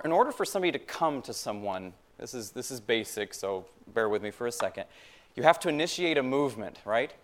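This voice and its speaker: Speaking in a mid-range voice, a male pastor delivers a conversational church sermon, posing rhetorical questions to the congregation and repeating phrases to drive points home.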